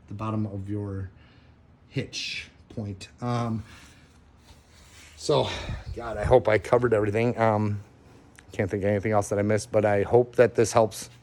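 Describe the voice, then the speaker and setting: A man's voice: lowish voice, steady tone, moderate pace, long pauses, darkish tone. A man casually walking through a repair how-to, rambling with lots of ums and laughing at his own crude jokes, recorded on a camera mic beside a van. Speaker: DIY car repair video host.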